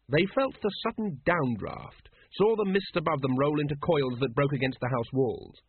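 A man reading an audiobook in an expressive, wry narrating voice. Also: fairly high pitch, moderate pace, hardly any pauses, a little hiss or hum. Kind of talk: scripted narration. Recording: dry, narrow phone-like sound.

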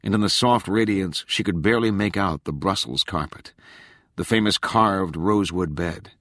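A man narrating an audiobook in a measured, expressive way. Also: low voice, dry recording, studio quality.

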